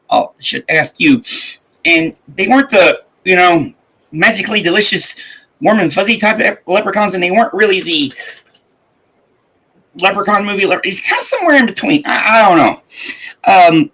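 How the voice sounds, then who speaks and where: A man's voice: sits high, pushed and bright, breathy edge, rough recording. A man hosting a morning live stream, rambling and laughing as he greets his chat. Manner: rambling, laughing, swearing, chatty. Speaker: livestream host.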